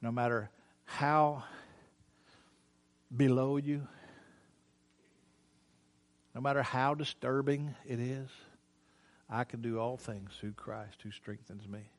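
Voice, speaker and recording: An older man preaching a sermon, folksy and teasing, moving between quiet asides and loud preaching. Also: mid-range voice, fairly even intonation, slow pace, long pauses. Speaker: pastor.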